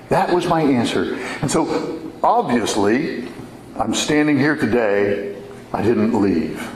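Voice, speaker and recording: A man giving a sermon in a church, telling his story in a slow, earnest way. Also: fairly high pitch, echoey room, slight background noise, low-quality recording. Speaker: preacher.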